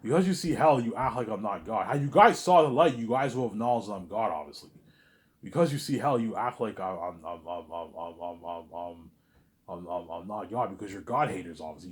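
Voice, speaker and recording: A young male vlogger with a lowish voice rambles through a monologue to the camera. He stammers, repeats himself, and trails off with a mumbled "obviously."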